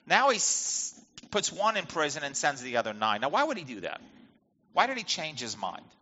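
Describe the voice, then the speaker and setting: A man's voice: on the high side, huge pitch swings, moderate pace, bright, forceful tone. A man teaching verse by verse from the Bible, reading passages and explaining them conversationally with rhetorical questions. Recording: dull lo-fi with long hall reverb.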